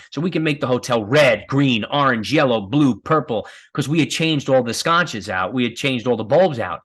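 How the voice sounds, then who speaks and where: A male filmmaker guest with a fairly high-pitched voice tells stories in a casual, rambling way. He laughs frequently and fills his speech with fillers and restarts.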